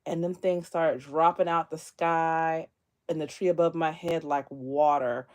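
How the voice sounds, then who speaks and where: This is a woman with a drawl, livestreaming from her bedroom to her viewers. Her voice sits a touch low. She talks in a loose, chatty way, often breaks into laughter and drives her stories with lively energy. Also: unhurried. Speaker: livestream host. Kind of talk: casual livestream chat. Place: bedroom near closet, indoors.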